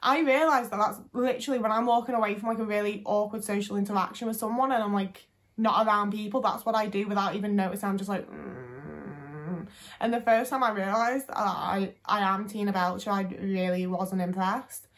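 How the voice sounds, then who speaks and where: A woman's voice: medium pitch, steady tone, brisk. A young woman talking casually to camera, chatty and full of fillers, with some swearing. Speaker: vlogger.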